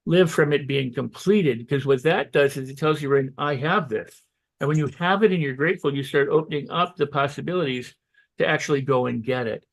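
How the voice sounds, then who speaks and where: A man with a fairly high voice gives motivational advice as a guest on a health show. He talks loosely, with restarts and "you know", and breaks into quick quoted self-talk that leaps up when he gets excited. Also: gravelly.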